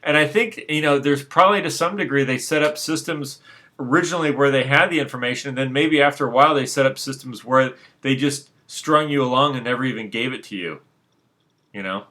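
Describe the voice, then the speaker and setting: A man's voice: medium pitch, fairly quick, sharp tone. A man speaking off the cuff about spirituality in a rambling monologue, full of restarts and fillers, frank and unbothered. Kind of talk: unscripted monologue.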